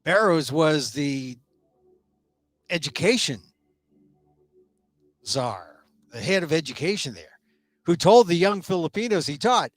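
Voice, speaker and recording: A middle-aged man with a slightly high voice runs his own daily talk show. He delivers a solo commentary monologue with emphatic shifts of pace. The sound is dry and close, with faint music playing behind him. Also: sing-song, measured pace, pauses often, fairly bright tone, no room sound.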